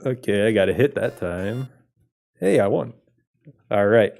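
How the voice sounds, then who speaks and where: Relaxed gravelly-voiced man playing games. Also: lowish voice, measured pace. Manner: laid-back, laughs often, chats with viewers. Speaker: game streamer. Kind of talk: casual game playthrough commentary.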